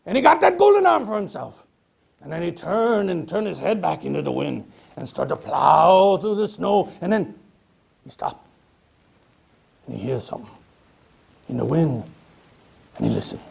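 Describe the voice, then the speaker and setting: A man spins a ghost story in old-time folksy dialect, in the manner of a stage performance. His gravelly voice sits fairly high and roams widely in pitch, dropping to a hush before building toward near shouts. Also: sing-song. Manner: folksy dialect, dramatic pauses, hushed to loud. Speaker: storyteller performing as a 19th-century author.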